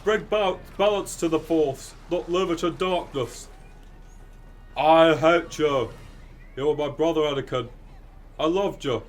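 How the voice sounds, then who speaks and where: A man doing an impression of an anguished, heartbroken Jedi master from a film, loud and impassioned. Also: fairly high pitch, a little slow, pauses often, pitched above the performer's own voice, natural voice.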